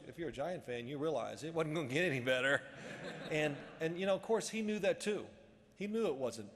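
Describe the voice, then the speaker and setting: A man in his fifties delivers a luncheon speech in a reverberant hall. His voice sits a little high for a man, and he tells his stories with lively pacing. He acts out the quoted dialogue as he goes. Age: 50s. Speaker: after-dinner speaker. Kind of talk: storytelling speech. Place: banquet hall.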